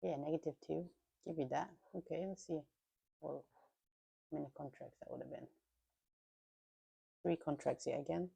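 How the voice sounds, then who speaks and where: A woman's voice: deep voice, moderate pace, vocal fry, pauses often, mellow, slightly rough. A woman streaming her futures trading live, thinking aloud in slangy, self-talking commentary. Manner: thinks aloud, talks to herself, slangy quips.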